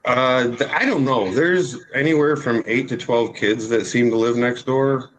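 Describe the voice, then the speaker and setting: A man's voice: medium pitch, a little slow, a little hiss or hum, rough recording. A man testifying in a courtroom about a dispute with his neighbor, rambling and apologetic, with many fillers and restarts.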